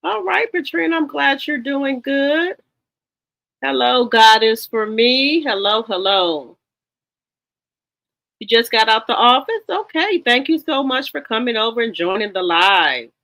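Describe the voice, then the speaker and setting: A livestream host chatting casually with viewers, greeting them one by one with repeated hellos and often pausing with ums. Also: mid-range voice, animated, creaky, bright, forceful tone. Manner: chatty, with frequent ums and restarts. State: a little tired. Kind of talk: casual live-stream chat. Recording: slightly dull lo-fi sound.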